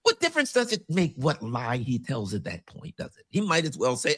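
A man's voice: mid-range voice, huge pitch swings, brisk, fairly bright tone, breathy edge. A man hosting a rambling political commentary, telling folksy jokes and stories with many restarts.

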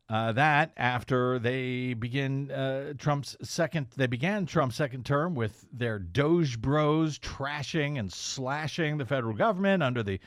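A man's voice: a little high, dry recording, studio quality. A man hosting a political talk radio show, delivering a sardonic, pointed monologue. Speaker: radio host and investigative blogger.

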